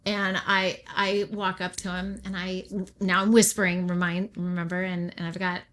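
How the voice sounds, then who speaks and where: Animated woman pastor telling her story. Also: fairly low pitch, normal speed. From Oregon, USA. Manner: animated storyteller who acts out her own and others' remarks. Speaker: pastor, interview guest. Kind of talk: personal faith story told in an interview.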